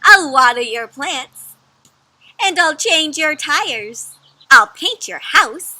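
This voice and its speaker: A woman's voice: sits high, animated, no room sound, pitched above the performer's own voice, exaggerated voice. A woman voicing a cheerful, helpful male egg who is proud of being good, in a children's storybook read-aloud, eager and emphatic. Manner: bright, eager, slow emphatic delivery.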